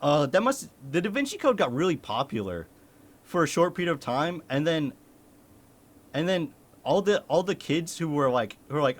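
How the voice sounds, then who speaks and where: Laughing, animated young male streamer. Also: a little high, moderate pace. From United States. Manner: laughs often, swears, animated. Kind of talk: casual chat with chat.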